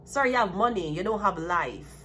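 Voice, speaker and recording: A woman's voice: on the low side, expressive, normal speed, a bit bright, slight background noise. Blunt Jamaican woman ranting over tarot. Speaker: tarot card reader. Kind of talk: solo tarot reading monologue.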